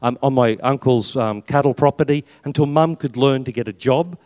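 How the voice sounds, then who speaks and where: Australian priest telling stories in a hall. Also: male voice, mid-range voice, normal speed, darkish tone. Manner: chatty storyteller with self-mocking humour. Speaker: Catholic priest and army chaplain. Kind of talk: personal testimony talk with slides. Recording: long reverb in a hall.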